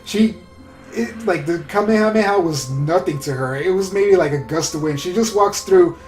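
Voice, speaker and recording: A man casually recapping an anime episode in a rambling, excitable way, full of fillers. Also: sits high, normal speed. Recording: roomy echo with faint music.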